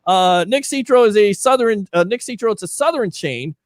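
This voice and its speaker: A man with a high-pitched voice talks at a normal speed, with no echo. He hosts a live sports talk show, animatedly reading listener comments aloud and trading jokey banter with his co-host in casual call-in sports chat.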